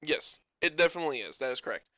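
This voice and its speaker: A man's voice: fairly high pitch, big pitch swings, rapid-fire, sharp tone, no echo, studio quality. A man from Canada running a tabletop game, talking casually with swearing and rambling rulings. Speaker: game master.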